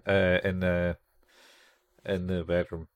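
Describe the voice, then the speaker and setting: A man's voice: deep voice, little pitch movement, takes it slowly, clean tone, dry recording. A man co-hosting a podcast, casually recapping an anime episode in a rambling way and acting out the characters' lines. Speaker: podcast co-host.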